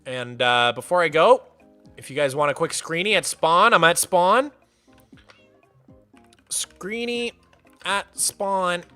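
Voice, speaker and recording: A young man chatting casually while hosting a game stream, excitable and playful, greeting viewers by name. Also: high-pitched, takes it slowly, pauses often, soft background music. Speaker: livestreamer and server host.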